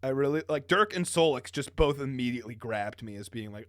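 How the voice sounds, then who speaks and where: A man's voice: medium pitch, expressive, a little fast, a bit bright, no room sound, clean studio sound. A young man co-hosting a podcast, chatting casually and rambling, often breaking into laughter. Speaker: podcast co-host. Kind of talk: casual chat.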